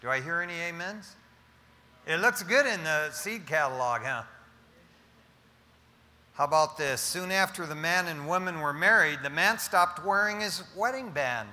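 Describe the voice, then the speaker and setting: A male pastor preaches a sermon, telling jokes and tossing playful asides to his congregation. His voice sits fairly high and rings very bright. A long reverb trails each phrase through the church hall. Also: animated, a little slow.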